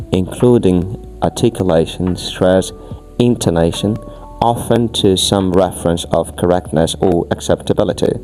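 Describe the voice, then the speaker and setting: Man, low mellow voice, podcast teacher, emphatic, restarts phrases. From Angola. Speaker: English teacher being questioned. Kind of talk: podcast explanation.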